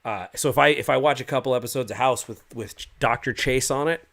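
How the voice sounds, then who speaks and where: Reading viewers' comments aloud on his casual livestream, a game master answers them in a brisk, rambling manner with lots of fillers and restarts. His voice is mid-range and a bit bright, with vocal fry.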